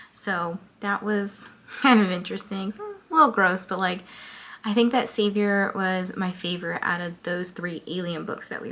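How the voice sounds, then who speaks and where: A woman's voice: medium pitch, fairly bright tone. A woman book vlogger chatting casually about her reading and reading book blurbs aloud, with a lot of "like" fillers. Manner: chatty, filler-heavy with frequent "like".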